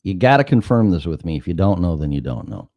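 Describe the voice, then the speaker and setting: Middle-aged male host, deep voice swinging wide, dry close sound, profane storyteller. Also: fast talker, creaky, no echo, muffled recording. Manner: animated, profane, acts out dialogue. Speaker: talk show host. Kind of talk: casual chat, anecdotal storytelling.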